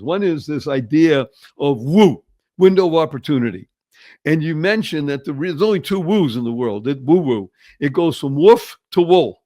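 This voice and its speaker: A man hosting a podcast, his voice sitting on the higher side. He talks with enthusiasm and puts a lot of emphasis into urging his listeners along. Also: darkish tone. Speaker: podcast host. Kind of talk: podcast interview.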